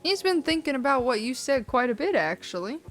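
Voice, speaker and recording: A woman's voice: high-pitched, very animated, a little fast, soft background music, pitched above the performer's own voice. A woman voicing a kind, attentive café barista in a cozy game. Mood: friendly. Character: kind café barista serving night guests.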